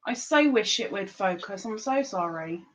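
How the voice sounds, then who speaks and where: A woman hosting a live-streamed trivia game, chatty and playful, reading the questions out slowly. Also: medium pitch, lively intonation, highs cut off. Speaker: livestream quiz host.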